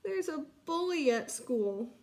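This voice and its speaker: Small frightened raccoon cub, high and pleading, as a woman reads him out. storybook read-aloud. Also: sing-song, slow pace, heavily acted. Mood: scared. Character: young boy raccoon cub, scared and pleading.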